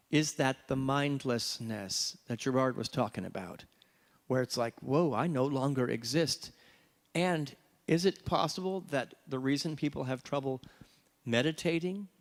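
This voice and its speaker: A man serving as minister, leading a group meditation discussion in a reflective way, slowing down and stretching key words. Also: medium pitch. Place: church gathering with a live group. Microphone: handheld microphone.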